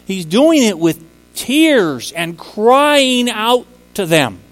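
High-voiced unhurried male preacher. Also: very animated, fairly bright tone, in a large hall, faint music behind, low-quality recording. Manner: emphatic, rising to impassioned peaks on key words. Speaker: preacher and teacher. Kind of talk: sermon.

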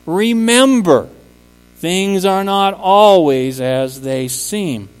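A man's voice: high-pitched, very slow, clean tone, long reverb tail, faint music behind, rough recording. A man preaching a sermon, speaking emphatically and rising to impassioned peaks on key words. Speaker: preacher and teacher.

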